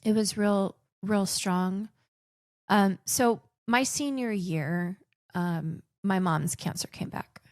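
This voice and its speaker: A woman in her forties who grew up in the Philippines shares personal stories on a podcast in a chatty, conversational way, frequently restarting sentences. Her mid-range, slightly mellow voice goes at a slow pace, and the studio sound is clean with no echo.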